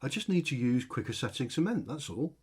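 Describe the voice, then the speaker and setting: A man's voice: mid-range voice, big pitch swings, a little fast, a little mellow, husky. A man voicing a hapless, cheerful circus magician who chats breezily and shrugs off his disasters, in a storybook reading. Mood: breezy. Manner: breezy, unbothered, chatty.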